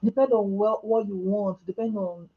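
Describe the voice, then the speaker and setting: A woman's voice: mid-range voice, fairly even intonation, normal speed, phone-quality sound. A woman from Nigeria with a Nigerian accent, chatting casually on a live stream as she answers viewers' questions, joking about herself and laughing often. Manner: chatty and self-mocking, laughing often, with Nigerian Pidgin asides. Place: home.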